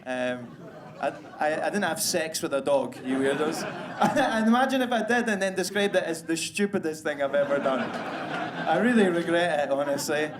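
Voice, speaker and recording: A man's voice: a little high, moderate pace, noisy background. A Scottish man doing a crude, self-deprecating stand-up comedy set on stage, with the audience laughing behind him. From Scotland. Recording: live room with crowd ambience.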